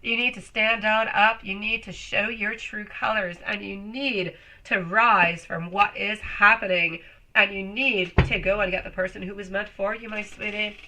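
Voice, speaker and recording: Bright, affectionate woman reading tarot live. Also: medium pitch, slight background noise, rough recording. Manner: warm, chatty, calls viewers sweetie and love. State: voice still sounds off while recovering. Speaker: tarot reader.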